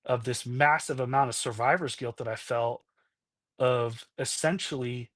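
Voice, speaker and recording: A man's voice: mid-range voice, steady tone, unhurried, fairly bright tone, dry recording. A man in his thirties, a podcast guest, speaking candidly about his past and often checking in with "right?" and "you know?". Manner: acts out past conversations in quoted voices. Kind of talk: candid personal storytelling.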